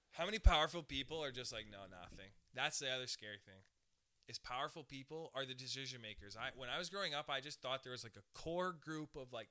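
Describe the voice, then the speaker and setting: A male comedian hosting a podcast, riffing in a profane, animated, brash way with a zippy tone. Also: mid-range voice. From Canada. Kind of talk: casual rambling monologue.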